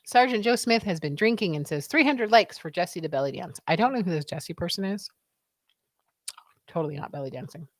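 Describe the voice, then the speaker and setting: A woman's voice: lowish voice, animated, a little fast, no echo. A woman co-hosting a casual livestream, chatting and reading viewer comments aloud. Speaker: livestream co-host reading chat. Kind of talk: casual chat.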